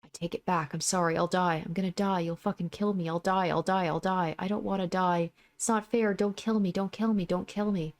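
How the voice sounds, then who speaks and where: A woman's voice: on the low side, steady tone, fairly quick, hardly any pauses, pitched above the performer's own voice, close to an everyday voice. A woman reading the panicked thoughts of a young male thug frantically begging not to be killed. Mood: pleading. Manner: frantic repeated pleading.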